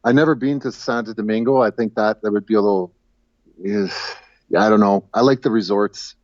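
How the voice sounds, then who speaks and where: A man's voice: lowish voice, steady tone, no echo. A man chats casually as a guest over a call, stumbling and repeating words as he goes. His audio sounds dull and muffled, and completely dry with no room sound. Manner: halting, repeats words, chuckles at own jokes. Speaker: guest caller. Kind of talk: casual chat. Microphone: video call.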